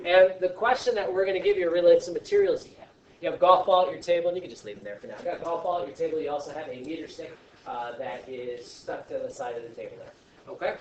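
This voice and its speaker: A man teaching a science class, talking in a chatty, joking way with animated asides to his students. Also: a little high, fast talker, lo-fi sound. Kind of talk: classroom lesson. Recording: echoey classroom from far off.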